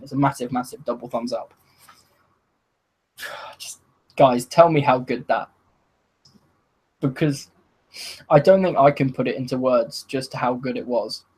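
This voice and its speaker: A man giving a solo review of a wrestling show, excitable and laughing, swearing often and acting out what the wrestlers said. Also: medium pitch, breathy edge, poor audio. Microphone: video call.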